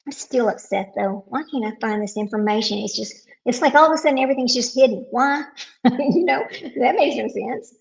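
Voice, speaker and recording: A woman's voice: a little high, moderate pace, gravelly, poor audio. A woman hosting a casual live stream, talking to viewers while searching her computer and getting frustrated.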